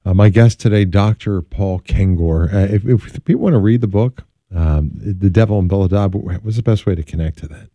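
A radio talk show host with a low voice and a very dark, mellow tone. He speaks in a dry, close studio sound and leads smoothly into a break. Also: moderate pace, no room sound, highs cut off. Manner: reactive, brief affirmations, smooth break patter. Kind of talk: radio interview hosting.

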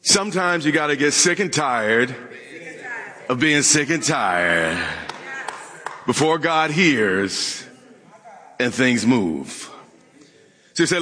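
A man's voice: mid-range voice, big pitch swings, takes it slowly, long pauses, pushed and bright. A man preaching a sermon to a congregation, joking and throwing questions at the room. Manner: preaching with humor and call-and-response questions to the congregation. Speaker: pastor. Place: church sanctuary with a congregation. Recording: long hall reverb.

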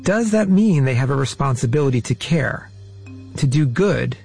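A man from the US East Coast hosting and narrating an interview piece, asking questions in a measured, inquisitive way. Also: medium pitch, lively intonation, gravelly, a little mellow, husky, soft background music. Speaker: host and narrator. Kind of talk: radio-style interview narration.

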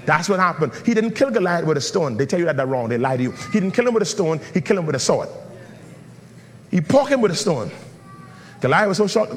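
High, lively preacher in a big hall. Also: male voice, fast, slight background noise. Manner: preaching with call-and-response, swinging into a sung chant. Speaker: pastor. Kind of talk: sermon.

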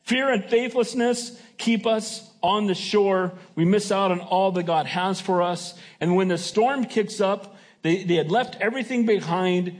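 A man's voice: high-pitched, measured pace. A man preaching a sermon as pastor, emphatic and folksy, often asking his congregation "Amen?". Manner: folksy and joking.

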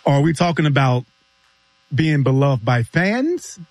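A man's voice: mid-range voice, big pitch swings, a little slow, a little mellow, no echo. A male co-host on a sports radio show, easygoing and chuckling along. His voice moves expressively through its range. The mic is dry and close, with a faint electrical hum underneath. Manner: agreeable, chuckling back-and-forth. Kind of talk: casual sports talk.

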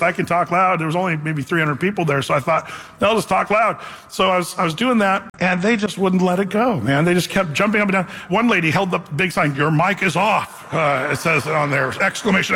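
A middle-aged male pastor preaching a sermon, a lively, joking storyteller. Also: high voice, fast talker, few pauses, husky. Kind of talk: sermon with a humorous personal story. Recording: long reverb of a large hall.

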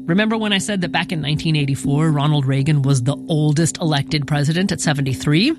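A woman hosting a radio program, narrating a scripted news segment in a measured, deliberate way. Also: low voice. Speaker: radio host. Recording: music bed behind voice.

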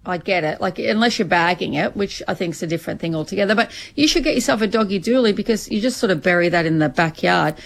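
A woman's voice: lowish voice, fast, vocal fry, hardly any pauses. Chatty Australian woman co-host. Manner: explanatory, lists things off. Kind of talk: casual banter.

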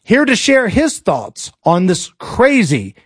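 A man's voice: high-pitched, wildly swooping pitch, slow pace, breathy edge, dry recording. A male talk radio host ranting about politics in a sarcastic, colloquial, joking way. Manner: sarcastic, colloquial, jokey rants.

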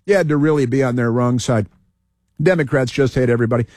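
A man's voice: medium pitch, fast, a little mellow, no echo, studio quality. A man hosting a talk radio show, giving sarcastic, combative commentary over news clips and repeating phrases for emphasis.

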